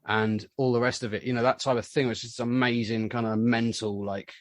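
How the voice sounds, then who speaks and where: A man, a musician, telling rambling anecdotes in a casual interview and getting animated when he acts out what others said. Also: mid-range voice, brisk, no room sound. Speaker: musician guest.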